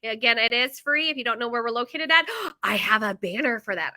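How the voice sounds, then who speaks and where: A woman in her thirties talks straight to camera about her bakery, chatty and animated, drifting off on tangents and padding her sentences with fillers. Her voice sits high and sounds bright and crisp. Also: a little fast. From United States. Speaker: bakery owner. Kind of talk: casual chat to camera.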